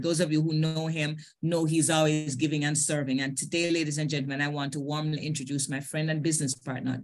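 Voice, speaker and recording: A woman from Jamaica formally introduces the next speaker over a video call. Her voice sits lower than most women's, and her manner is measured and gracious. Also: a bit bright. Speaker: team leader introducing speaker. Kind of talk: online presentation.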